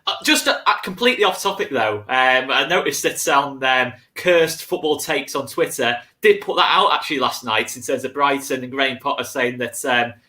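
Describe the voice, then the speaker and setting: A man's voice: medium pitch, moderate pace, hardly any pauses, pushed and bright. A man hosting a casual football podcast chat, chatty, often saying "to be fair". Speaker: host.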